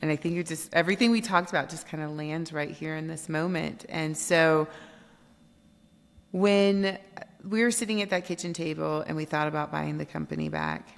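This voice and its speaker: A woman guest on a podcast, telling her story in an animated way and acting out quoted dialogue. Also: low voice, moderate pace, vocal fry. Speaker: guest, company founder. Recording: long reverb.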